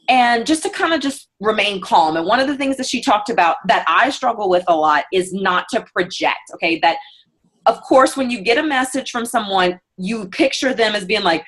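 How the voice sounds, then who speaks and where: A woman's voice: mid-range voice, expressive, normal speed, a bit bright. A woman giving a casual customer care training on a video call, chatty and full of fillers, acting out customer messages. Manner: chatty, many fillers, acts out customer quotes. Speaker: book sales consultant leading a team training.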